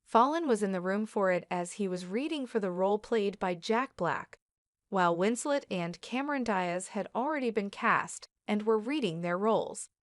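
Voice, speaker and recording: A woman narrating a scripted entertainment news piece in an even, read-aloud delivery. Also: medium pitch, moderate pace, dry recording, studio quality.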